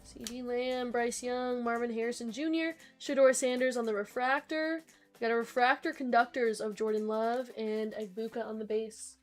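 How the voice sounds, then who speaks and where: Young woman, high voice, breaks host, quick chatty name lists, faint music behind. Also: fairly even intonation. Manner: rapid listing of names, chatty asides to viewers. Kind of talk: live-stream card break commentary.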